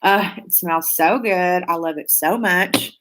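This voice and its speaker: A woman's voice: lowish voice, a little slow, a bit bright, slight background noise. A woman hosting a casual beauty live stream, reading viewer comments aloud in a gushing, chatty way with lots of fillers.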